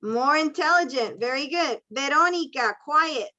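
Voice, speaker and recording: A woman's voice: high voice, lively intonation, measured pace, bright, forceful tone, a little hiss or hum. A woman teaching an online English class, patiently calling on students and explaining in English and Spanish. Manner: encouraging, switches between English and Spanish explanations. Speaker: ESL teacher. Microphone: video call. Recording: dull lo-fi video call audio.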